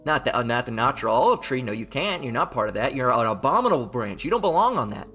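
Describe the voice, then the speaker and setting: A man's voice: medium pitch, big pitch swings, fast talker, bright, forceful tone, soft background music. A man giving a heated Bible commentary, mocking, profane and repetitive as he reads and rants. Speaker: Bible teacher.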